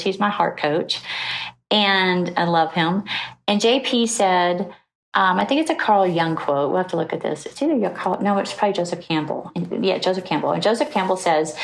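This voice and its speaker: A middle-aged woman guest on a podcast, telling her story in an animated, chatty way and acting out the voices of people she quotes. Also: mid-range voice, vocal fry, rough recording. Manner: animated, acts out quoted voices, laughs easily. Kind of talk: storytelling in a conversational interview.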